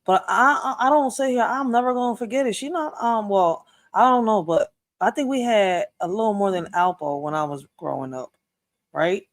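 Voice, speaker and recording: A woman hosting a reaction video at a mid pitch. She talks in a slangy, chatty way and speaks straight to her viewers. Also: moderate pace. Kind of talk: casual reaction commentary.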